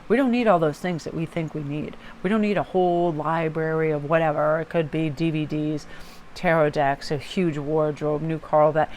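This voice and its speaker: A woman hosting a tarot positivity channel, talking in a chatty, upbeat way with quick laughs and asides. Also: deep voice, a little hiss or hum. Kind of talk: casual motivational vlog talk.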